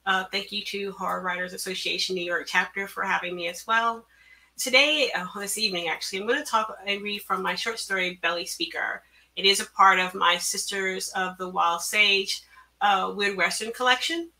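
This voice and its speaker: A woman author reading her own story aloud, measured and careful, at an online event through a computer mic. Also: medium pitch, bright, forceful tone. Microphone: computer mic on a video call.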